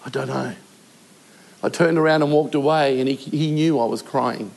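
Older male pastor, gravelly voice. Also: a little high, a little mellow. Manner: earnest, emotional preaching with short pauses. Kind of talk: sermon.

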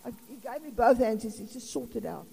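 Woman, South African accent, sixties, informal sermon, higher voice, reverberant hall. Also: expressive, a little fast, gravelly, warm tone, breathy edge. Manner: chatty, laughing asides, rambling. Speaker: preacher.

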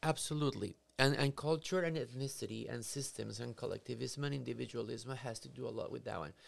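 Male psychotherapist, middle pitch, very gravelly, lively explainer. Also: fast talker. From Latin America. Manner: animated, acts out scenarios in quoted voices. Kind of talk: explanatory conversation.

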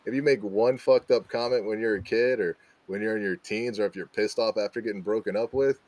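A man co-hosting a podcast, relaxed and opinionated, laughing easily. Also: lowish voice, brisk, dry recording. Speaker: podcast co-host. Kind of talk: casual podcast chat.

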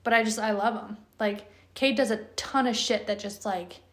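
A woman talking casually on a podcast about her dogs. She is blunt and profane and tells stories with energy. Her voice sits at an ordinary middle pitch. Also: moderate pace, a bit bright. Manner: blunt, swears freely, storytelling. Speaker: podcast host, dog owner.

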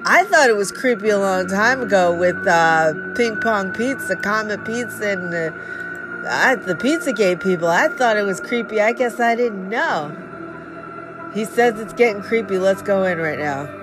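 Slow-talking woman host, sarcastic. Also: mid-range voice, expressive, over music. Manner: sarcastic, wry asides. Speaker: show host. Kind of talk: mocking commentary.

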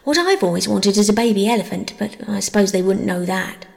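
A woman voicing an eager, bossy young girl in a storybook reading, bright and chatty, with a gravelly edge and long reverb. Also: medium pitch, animated, a little fast. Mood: playful.

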